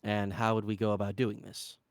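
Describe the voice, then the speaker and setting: A man voicing a grave, stoic male demon warrior who talks in a low, measured way. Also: completely flat delivery, no echo, studio quality, natural voice.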